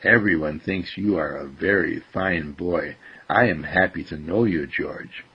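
A man doing a hushed little girl in whispered role-play. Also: low voice, unhurried, breathy edge, pitched below the performer's own voice, full character voice. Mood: tender whisper. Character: five-year-old girl who whispers secrets. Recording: dull lo-fi recording.

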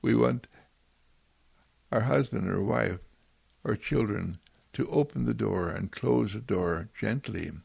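A man giving a gentle, inspirational spiritual talk, repeating soft and loving affirmations. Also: on the low side, slow pace, gravelly, long pauses, husky, no echo.

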